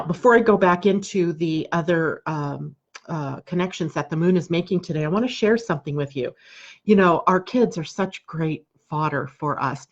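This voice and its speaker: A woman from the United States hosts a live daily astrology broadcast, speaking in a chatty, conversational way and often posing rhetorical questions. Her voice sits on the low side, and the highs are cut off.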